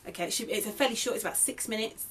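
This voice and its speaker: A woman's voice: fairly high pitch, rapid-fire, a little hiss or hum. A young English woman, a crochet designer, teaching a beginner's tutorial in a chatty, friendly way that often corrects itself as she goes. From England. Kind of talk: casual tutorial.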